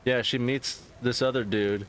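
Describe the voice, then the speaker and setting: A man streaming and chatting casually, ranting in a profane, rambling and animated way. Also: medium pitch, measured pace, a little hiss or hum. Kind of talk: casual chat.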